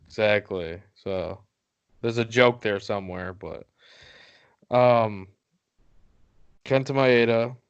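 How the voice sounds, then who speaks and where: A man's voice: fairly low pitch, slow pace, long pauses, clear, resonant tone, lo-fi sound. A man co-hosting a casual podcast chat, rattling off sports stats and laughing easily. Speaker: podcast co-host.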